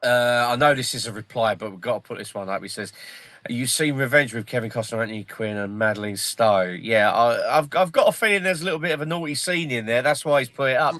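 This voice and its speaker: Male host, mid-pitched, sweary and jokey, dry close sound. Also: fast talker, no room sound. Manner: sweary, jokey, retells film scenes excitedly. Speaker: livestream host. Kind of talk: casual livestream chat.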